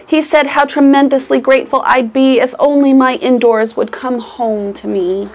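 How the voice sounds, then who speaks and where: Woman, story time reader, rhyming book read aloud, rhythmic delivery, somewhat high voice. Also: steady tone, moderate pace, a little mellow. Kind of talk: reading a picture book aloud to children.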